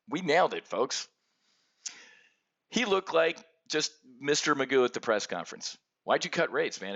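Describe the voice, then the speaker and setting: A middle-aged man hosting an options trading show, giving a brash, energetic market commentary rant and calling out to the folks watching. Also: medium pitch, lo-fi sound. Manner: brash and animated, keeps addressing folks.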